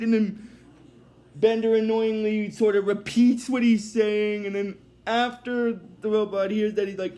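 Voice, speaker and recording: A man's voice: high-pitched, flat delivery, measured pace, mellow. A man casually recapping a cartoon episode, rambling and hesitant with many fillers, apologizing when he drifts.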